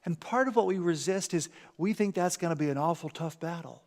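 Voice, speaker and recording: A man preaching a sermon in a church, animated, acting out everyday scenes and often repeating words. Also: fairly high pitch, brisk, long reverb tail. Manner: animated, acts out parent and commercial voices, repeats words. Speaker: pastor. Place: church sanctuary.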